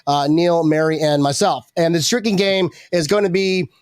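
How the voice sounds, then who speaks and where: A man hosting a live sports fan show, hyped and energetic, with quick restarts. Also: on the high side, clean tone, no echo, studio quality. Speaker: host.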